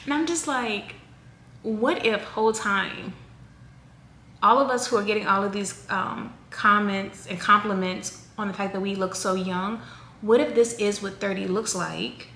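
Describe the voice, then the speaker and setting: A woman's voice: medium pitch, measured pace. A woman in her thirties chats to her viewers in a loose, rambling way, full of asides. Her voice bounces around a reverberant room, with a faint hiss of background noise underneath. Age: 30s. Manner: chatty, rambling, animated. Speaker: vlogger. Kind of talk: casual chat to camera.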